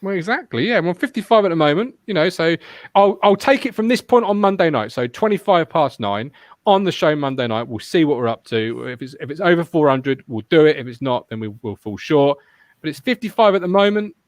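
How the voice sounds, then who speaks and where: A man hosts a live football fan podcast, talking in a loose, rambling way with plenty of swearing. His pitch sits a little high and swings widely. The sound is dry and close, with no room echo. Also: a little fast. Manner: animated, swears freely, rambling asides. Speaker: podcast host. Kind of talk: casual football podcast chat.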